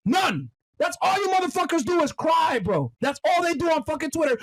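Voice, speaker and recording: A man's voice: very high-pitched, sing-song, fairly quick, hardly any pauses. A man in his thirties in a played clip, ranting aggressively and swearing heavily. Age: 30s. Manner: aggressive, scolding, heavy swearing; shouts at times. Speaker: podcast host in a played clip. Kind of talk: profane ranting monologue.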